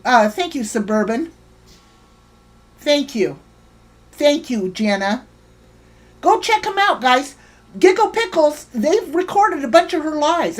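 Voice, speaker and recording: A woman hosts a livestream in a heated, swearing rant. She keeps breaking off to thank and greet viewers in her chat by name. Her voice sits a little high. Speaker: livestream host.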